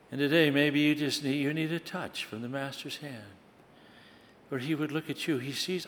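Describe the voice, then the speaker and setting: A man preaching a sermon, dramatic, swinging from loud bursts to hushed tones. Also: a little high, fairly even intonation, normal speed. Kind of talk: sermon with recited poem. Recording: long hall reverb.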